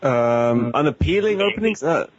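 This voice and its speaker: A man's voice: on the high side, expressive, normal speed. A man co-hosting a gaming show who offers hesitant opinions and teases the host. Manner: hesitant, teasing. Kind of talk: casual panel chat. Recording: dry, muffled audio.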